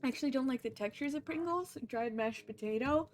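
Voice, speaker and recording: A woman's voice: sits high, fairly quick, faint music behind. A woman hosting a live stream, chatting casually in a rambling, laughing way. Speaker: streamer host.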